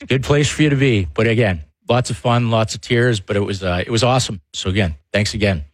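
Lively low-voiced sports talker. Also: male voice, brisk, no room sound, studio quality. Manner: animated storyteller, laughs often. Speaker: sports radio co-host, former player. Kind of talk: casual sports talk.

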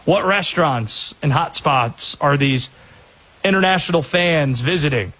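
Lively, husky-voiced male sports radio host. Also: a little high, rough recording. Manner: energetic, opinionated, quick asides.

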